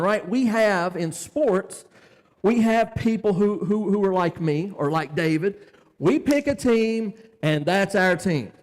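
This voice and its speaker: A man preaching a conversational sermon from Tennessee, folksy and animated, acting out the dialogue in his stories. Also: high-pitched. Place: church sanctuary. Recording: hall reverb.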